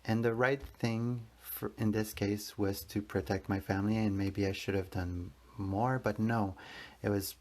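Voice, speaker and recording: A man in his thirties with a fairly low voice, speaking as a podcast host. He tells a personal story in an earnest, rambling way, restarting phrases and circling back as he goes. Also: fairly even intonation, unhurried. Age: 30s. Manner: rambling, earnest, self-correcting.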